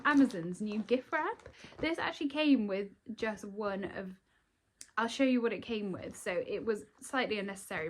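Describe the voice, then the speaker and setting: A woman's voice: mid-range voice, slight background noise, rough recording. Chatty young woman vlogging. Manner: chatty, rambling, lots of um and like. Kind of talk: chatty daily vlog.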